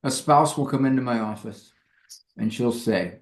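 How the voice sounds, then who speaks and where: A man in casual conversation, telling stories from his practice and slipping into the voices of the people in them. His voice is mid-pitched and carries a noticeable room echo. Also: normal speed, creaky. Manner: animated storyteller acting out parents and couples. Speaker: psychologist guest. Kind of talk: casual interview chat.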